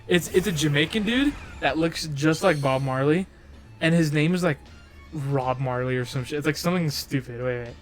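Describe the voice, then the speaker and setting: A man's voice: a little high, normal speed, soft background music. A young man co-hosting a casual podcast, rambling and swearing through stories with frequent laughs. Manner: profane, rambling, laughing storyteller. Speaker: podcast co-host.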